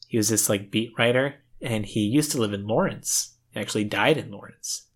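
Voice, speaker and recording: A man's voice: fairly low pitch, normal speed, husky. A young adult man co-hosting a podcast, chatting in a laid-back, joking way about a film. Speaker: podcast co-host. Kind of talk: casual film chat.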